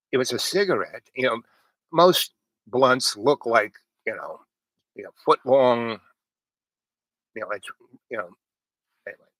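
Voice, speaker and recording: Man, meandering casual storytelling, bright tense tone, dry room. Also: medium pitch, no room sound, low-quality recording. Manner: meandering, many fillers and restarts, quotes others. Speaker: storyteller host. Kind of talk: rambling casual anecdote.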